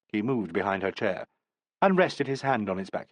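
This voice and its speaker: A man narrating a classic mystery novel as an expressive audiobook reader. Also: fairly low pitch, normal speed, no room sound. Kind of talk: scripted narration.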